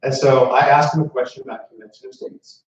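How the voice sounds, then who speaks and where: A man's voice: medium pitch, huge pitch swings, brisk, far from the mic. A man giving a storytelling speech to a live audience as founder of a movement, speaking conversationally with asides to the crowd. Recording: echoey room mic heard from afar, muffled.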